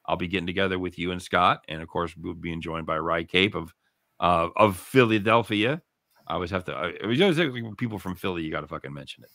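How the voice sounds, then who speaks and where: Middle-aged male radio host, lowish, punchy, bright voice, profane and excitable, dry close mic. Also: quick pace, creaky, dry recording. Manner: profane, excitable, laughs loudly. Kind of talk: casual sports talk banter.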